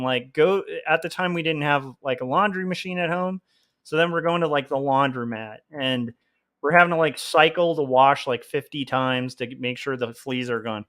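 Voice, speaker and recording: A man's voice: fairly high pitch, fairly bright tone. Rambling man chatting on a stream. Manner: rambling with many fillers, self-deprecating, laughs often. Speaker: livestream host and comic artist. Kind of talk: casual chat while drawing.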